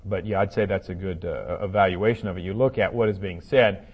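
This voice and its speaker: A man's voice: sits low, brisk, breathy edge. Man teaching a Bible study, lo-fi. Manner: conversational, thinking aloud with frequent fillers and restarts.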